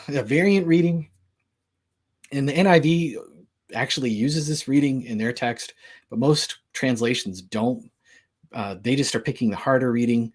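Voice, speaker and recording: Husky-voiced man explaining scripture casually. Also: mid-range voice. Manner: conversational, many fillers, reads verses aloud. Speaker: Bible teacher. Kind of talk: casual talk on the Gospels.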